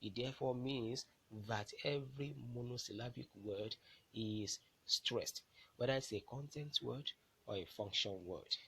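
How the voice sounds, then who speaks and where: A man's voice: medium pitch, measured pace, creaky, bright, forceful tone, husky, low-quality recording. A man teaching a lesson, explaining step by step and stressing key words. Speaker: English language teacher. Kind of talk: classroom lecture.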